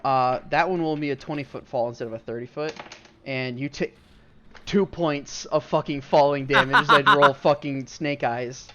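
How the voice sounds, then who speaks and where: A man's voice: mid-range voice, steady tone, moderate pace, sharp tone, dull audio, slight background noise. A man narrating a tabletop game as game master, loose and profane, laughing often. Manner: laughing, profane, loose storytelling with many fillers.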